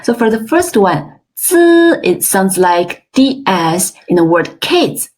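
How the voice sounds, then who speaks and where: A woman teaching an online language class, modeling sounds slowly and with exaggerated tones, praising often. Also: fairly low pitch, sing-song, a little mellow. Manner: slow, careful, exaggerated tone demonstrations; encouraging, frequent praise. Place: online webinar.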